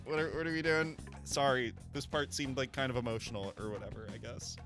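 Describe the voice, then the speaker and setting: A man's voice: mid-range voice, over music. A man streaming a video game, chatting casually in a jokey, rambling way. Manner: jokey, rambling, quick laughs. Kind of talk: casual gameplay commentary.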